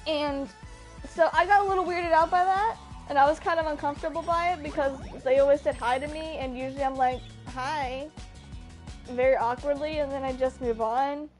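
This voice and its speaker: High-voiced young woman telling a rambling story. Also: fairly even intonation, fairly quick, soft background music. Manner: rambling, self-interrupting, earnest. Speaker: streamer. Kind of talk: casual storytelling on a live stream.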